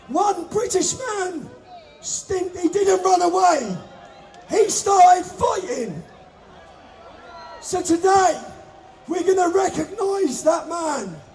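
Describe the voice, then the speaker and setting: A man bellows a fiery speech from an outdoor rally stage in a high, strained register. He delivers his lines slowly and emphatically, with a crowd faint behind him. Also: a little mellow, recorded from a distance. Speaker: rally speaker.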